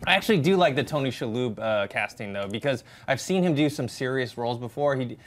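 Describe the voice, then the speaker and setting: A man on a casual movie panel, talking in a measured, hesitant way with frequent restarts. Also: medium pitch, animated, a little hiss or hum.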